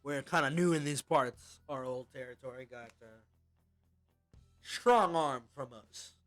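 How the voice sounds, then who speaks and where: A man voicing a brash, gruff bandit leader who drawls and bosses his crew around. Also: medium pitch, measured pace, fairly bright tone, no room sound, soft background music, natural voice. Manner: drawling and bossy, threatens to slap.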